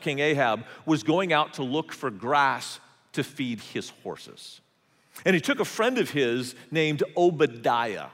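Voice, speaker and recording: A man's voice: on the high side, fairly bright tone. A male pastor preaching a sermon, telling the story conversationally with humorous asides. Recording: long hall reverb.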